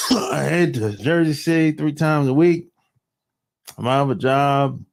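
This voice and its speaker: A man's voice: fairly high pitch, unhurried, vocal fry. A man hosting a livestream, chatting casually with viewers in a rambling, profane way and laughing often. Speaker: livestream host.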